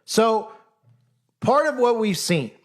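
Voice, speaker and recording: A man's voice: high voice, sing-song, takes it slowly. A man delivering an argumentative monologue, combative and mocking, firing off rhetorical questions and mimicking his critics. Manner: acts out critics in mock voices. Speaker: commentator.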